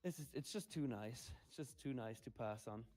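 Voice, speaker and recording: A man's voice: mid-range voice, normal speed, darkish tone, soft background music. A man hosting a livestream in casual chat, upbeat and playful as he reads out viewer comments and hypes the audience. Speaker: livestream host reading chat.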